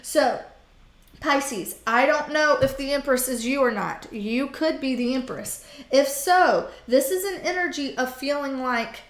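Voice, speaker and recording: A woman gives a casual tarot reading for the zodiac signs, chatty and blunt, full of fillers, swearing and laughs. Her voice sits on the higher side, and the room around her is echoey. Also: unhurried. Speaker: tarot reader.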